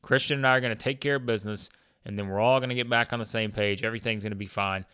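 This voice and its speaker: A man doing a calm, soothing wrestling champ. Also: lowish voice, rapid-fire, clean tone, dry recording, clean studio sound. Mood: placating. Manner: soothing, placating. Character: calm, reassuring male pro wrestler champion.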